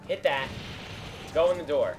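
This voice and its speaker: A young man co-hosting a let's play, giving goofy, excitable commentary and bossing his partner around. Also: on the high side, unhurried. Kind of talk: casual gameplay commentary. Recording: game music underneath.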